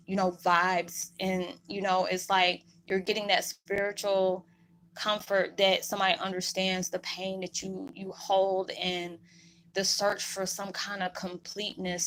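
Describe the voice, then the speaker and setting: A woman's voice: mid-range voice, fairly bright tone, poor audio. A woman vlogger talking to her viewers in a rambling, heartfelt way, emotional and holding back tears. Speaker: spiritual vlogger. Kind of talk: heartfelt casual monologue to viewers.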